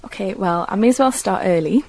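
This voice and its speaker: A woman's voice: medium pitch, expressive, a little fast, darkish tone, poor audio. A young woman with a mild Geordie accent from North East England, chatting casually about her own upbringing and speech, with many fillers and self-corrections. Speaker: interviewee describing her own dialect. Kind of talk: casual personal recollection.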